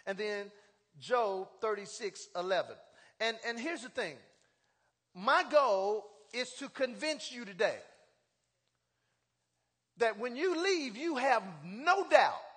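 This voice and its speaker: A man preaching a sermon as pastor, calling on the congregation to answer back and building up to shouts. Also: high-pitched, slightly rough, in a large hall. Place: church sanctuary.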